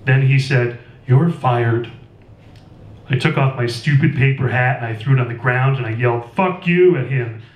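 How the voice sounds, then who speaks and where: A man, the author, reading his novel aloud live in a record store, in steady first-person narration. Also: mid-range voice, a little fast, muffled recording. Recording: roomy store, distant mic.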